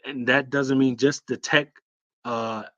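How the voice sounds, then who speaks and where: A man hosting a casual livestream Q&A, talking loosely and with hype, with lots of fillers and shout-outs to viewers. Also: medium pitch, steady tone, slow, muffled recording. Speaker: host.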